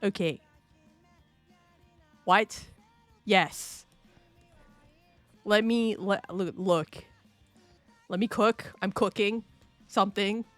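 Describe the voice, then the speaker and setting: A woman's voice: medium pitch, very slow, pauses often, fairly bright tone, no echo, soft background music. A woman streaming live, chatting casually and playfully, rambling, laughing often and answering her chat.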